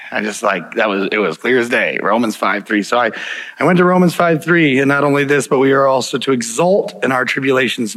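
A pastor delivers his sermon in a gravelly, mid-pitched man's voice. He tells personal stories earnestly, often breaking into a chuckle and restarting his sentences as he goes. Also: a bit bright, poor audio.

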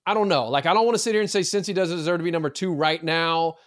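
A high-voiced man talks college football on a podcast, quick to opinions and full of restarts. The sound is close and dry, with no room around it. He keeps it casual and animated. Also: no room sound. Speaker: podcast co-host. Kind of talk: casual sports talk.

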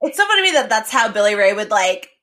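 A woman's voice: mid-range voice, big pitch swings, fast, sharp tone. A young woman co-hosting a casual chat about a TV episode, amused and laughing through her points. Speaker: podcast co-host.

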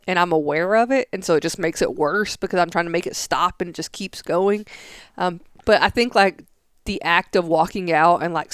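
With a smooth, fairly low voice, a young woman on a casual podcast co-hosting role rambles through an argumentative point, leaning on lots of fillers. The studio audio is clean, with no room sound.

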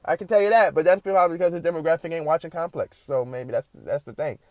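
A man hosting a podcast, talking in a loose, animated ramble full of fillers. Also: a little high, fast talker, no room sound. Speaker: podcast host. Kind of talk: casual monologue.

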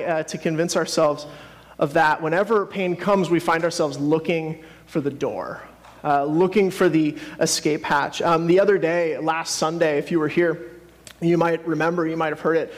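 High-voiced man preaching casually. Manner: conversational, hesitant with many fillers and restarts. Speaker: pastor. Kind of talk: sermon.

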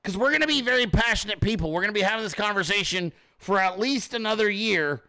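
This high-pitched man is ranting on his own livestream show, ad-libbing political commentary at speed and swearing freely. His delivery is animated, rising to shouts when he acts out scenarios.

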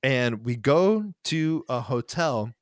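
A young man hosting a podcast, telling band stories in a rambling, halting way. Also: medium pitch, animated, no echo, clean studio sound. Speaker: podcast host, band member. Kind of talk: casual chat, storytelling.

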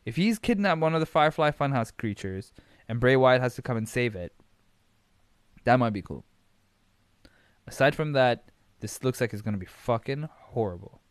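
A man's voice: mid-range voice, lively intonation, moderate pace, pauses often, clear, resonant tone, no room sound. A man hosting a casual recap podcast, ranting in exasperation with lots of swearing, rambling with sighs and restarts. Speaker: podcast host.

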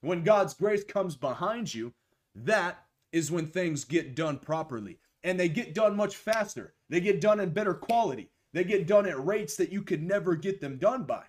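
A young man with a fairly high voice preaches a sermon over a live stream. His voice is a little hoarse after a week of preaching. He talks with conviction, slowing down to lean on the key phrases. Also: lively intonation. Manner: emphatic, slows and stresses key phrases, greets viewers by name. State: losing his voice.

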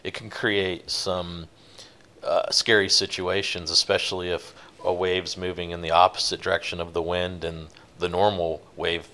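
Deep-voiced man telling a sea story. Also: moderate pace. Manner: relaxed, rambling, many fillers. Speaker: guest, offshore fishing boat captain. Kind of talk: casual interview storytelling.

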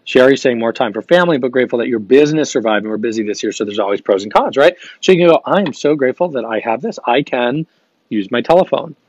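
A young adult man hosting a live gratitude show, talking in an energetic, upbeat coaching manner, reading viewer comments and repeating phrases for emphasis. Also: mid-range voice, fast, no room sound. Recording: dry, slightly dull stream audio.

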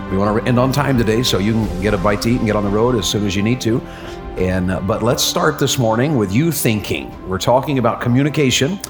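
This is a man preaching. He keeps it folksy and encouraging, voice of middling pitch, and keeps pulling answers from the people in the room. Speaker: pastor leading a class. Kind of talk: interactive sermon.

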